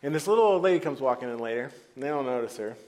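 A man preaching a sermon as pastor in a church, playful and animated, acting out the voices he quotes. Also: medium pitch, racing. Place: church hall before a congregation.

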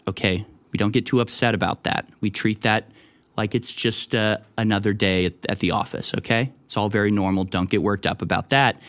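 A man hosting a talk show, talking casually and sarcastically, building to heated rants. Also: mid-range voice. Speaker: show host.

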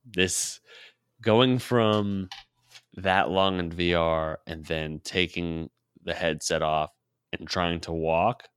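Guy with a really low smooth voice telling a story, laughs a lot, swears, mutters his own lines. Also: fairly even intonation, slow, fairly bright tone. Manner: laughs often, swears freely, quotes himself in a low muttered voice. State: sore throat. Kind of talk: casual storytelling.

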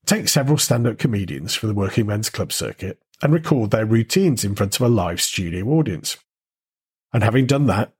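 A male host narrates in a steady, measured way and poses rhetorical questions now and then. His voice is very husky and sits rather low. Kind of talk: scripted narration.

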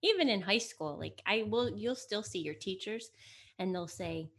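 Middle-aged woman, Italian first language, animated chatty storyteller, guest mother on a home-made chat show. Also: mid-range voice, moderate pace, gravelly. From United States. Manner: lively storyteller, acts out quotes. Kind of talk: casual chat. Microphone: camera mic in home setting.

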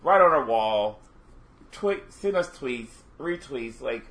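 A man's voice: medium pitch, lively intonation, takes it slowly, fairly bright tone. A man co-hosting a chat show, laid-back and chiming in with quips. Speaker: podcast co-host. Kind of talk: casual chat.

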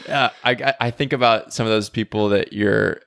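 A man with a low, gravelly voice co-hosts a podcast in easy conversational talk. He leans on "like" and "right?" as he explains his ideas. The sound is dry and close-miked. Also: fairly even intonation, normal speed, a bit bright, dry recording. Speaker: podcast co-host. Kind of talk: casual faith discussion.

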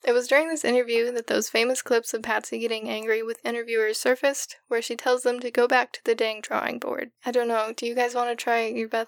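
A woman's voice: fairly high pitch, little pitch movement, fast talker, few pauses, dry recording, clean studio sound. A woman co-hosting a podcast, teasing her co-hosts in casual chat and reading scripted case narration. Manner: teasing, reads case notes.

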